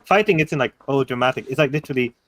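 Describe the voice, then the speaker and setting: A young man with an Indian English accent, running a casual tabletop game session as dungeon master. He rambles through ideas with lots of "like" and restarts, and adds quick jokes. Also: medium pitch, animated, fairly bright tone.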